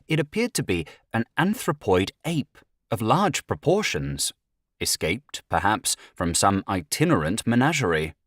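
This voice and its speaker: A man's voice: on the low side, very animated, measured pace, fairly bright tone, dry recording, clean studio sound. A man reading a horror story aloud as first-person audiobook narration, with dramatic rises at tense moments.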